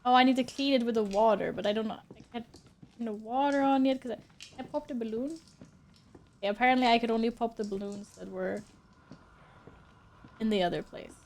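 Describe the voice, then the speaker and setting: A young woman with a high voice talks her way through a live game stream. She reacts on the spot, cursing and yelling at the game when things go wrong. Her commentary is loose, chatty and addressed to her viewers. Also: a little fast, long pauses, slight background noise. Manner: reactive, swears and exclaims often.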